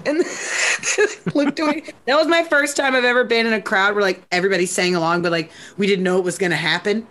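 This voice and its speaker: An American woman in her thirties co-hosts a loose comedy conversation. She is animated and laughs often, slipping into playful voices when she reads old messages aloud. Her pitch sits at an ordinary middle height. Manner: animated, laughing, quick asides, reads quotes aloud in a put-on voice. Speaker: podcast co-host. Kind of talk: casual comedic chat.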